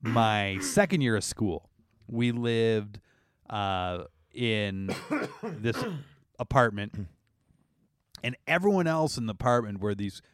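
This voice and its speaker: A man, a podcast co-host, chatting in a relaxed, conversational way. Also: on the low side, slow, long pauses, clean tone, no echo, clean studio sound. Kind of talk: casual chat.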